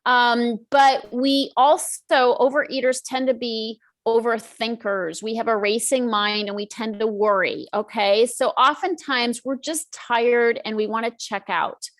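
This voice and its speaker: A middle-aged woman talking as an expert guest on a podcast, chatty and animated, often acting out her own inner voice. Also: a little high, measured pace, few pauses. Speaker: guest, emotional eating expert. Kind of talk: podcast interview.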